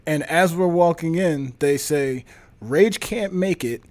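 A man hosting a casual chat who tells stories in a relaxed way. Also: on the high side, takes it slowly. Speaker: host.

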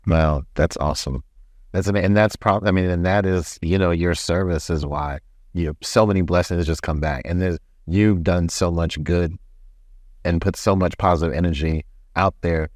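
Deep-voiced male interview host. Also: fairly even intonation, normal speed, no echo, studio quality. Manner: affirming, short reactions. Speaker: podcast host.

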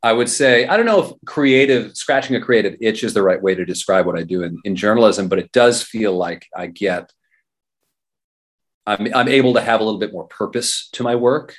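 A low-voiced man talks as an interview guest in a loose, rambling way. He circles back and restarts his thoughts often. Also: normal speed. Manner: rambling, many restarts and fillers. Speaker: guest, radio journalist and fair performer. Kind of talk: casual interview talk.

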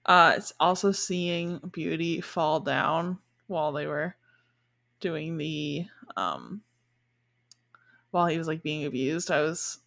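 A woman's voice: low voice, slow, gravelly, a bit bright. A young woman co-hosting a podcast, chatting casually and filling her talk with "like". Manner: chatty, lots of "like" fillers. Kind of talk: casual chat.

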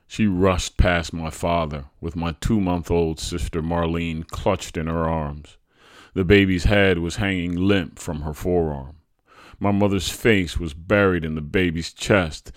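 A man hosting a podcast, reading a true family story aloud in an expressive, animated way. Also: low-pitched, dry recording, studio quality. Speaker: podcast host and narrator.

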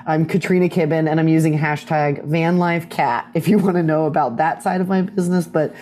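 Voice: medium pitch, fairly quick. A guest in a casual interview, telling stories animatedly and acting out the voices of others. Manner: animated storyteller who acts out quoted voices.

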